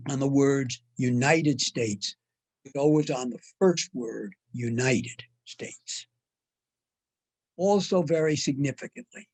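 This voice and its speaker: An older man giving a measured, deliberate history lecture, with frequent "uh" fillers. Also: a little high, vocal fry, a little mellow, husky, dry recording, rough recording. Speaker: guest lecturer. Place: online talk.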